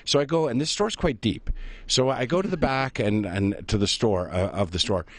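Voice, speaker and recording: A middle-aged man, a radio host telling a funny travel story in a lively, self-mocking way. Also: medium pitch, moderate pace, no echo. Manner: animated, self-mocking storyteller who laughs at his own tale. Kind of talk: casual on-air storytelling.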